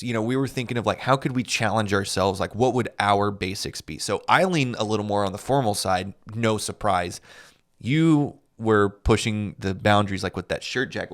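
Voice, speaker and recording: A man with a lowish voice and a fairly bright tone co-hosts a menswear podcast, where he also works as a menswear salesman. He chats casually and rambles, with lots of fillers and restarts.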